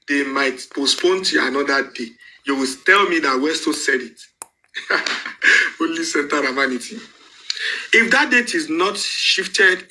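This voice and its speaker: Nigerian male panel host, high and bright voice, emphatic and repetitive delivery with bits of pidgin. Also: rough recording. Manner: emphatic, repeats points, switches into pidgin. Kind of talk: live online panel commentary.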